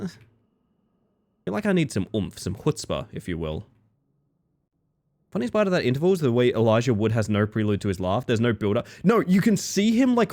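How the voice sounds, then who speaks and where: A man live-streaming a game, chatting playfully with viewers, giggling and jumping into silly squeaky bits. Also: darkish tone. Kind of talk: live-streamed gameplay chat.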